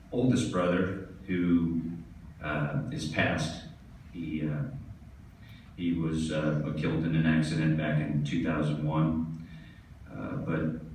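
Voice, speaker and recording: Guy telling funny stories at a podium, low voice, heard from across a big echoey hall. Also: darkish tone, a little hiss or hum. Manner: storytelling, laughing at his own jokes. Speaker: tennis pro giving an induction speech. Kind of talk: anecdotal acceptance speech. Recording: distant echoey hall recording.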